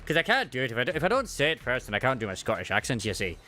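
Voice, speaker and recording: Chatty, animated male game streamer. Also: rapid-fire, faint music behind. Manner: chatty, swears casually, jumps into higher pitch when reading dialogue. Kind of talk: casual commentary while playing, reading lines aloud.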